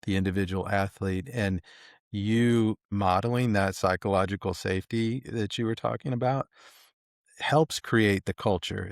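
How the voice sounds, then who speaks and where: A man's voice: fairly low pitch, no echo, clean studio sound. A man hosting a podcast interview, affirming his guest and asking thoughtful questions. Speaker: podcast host.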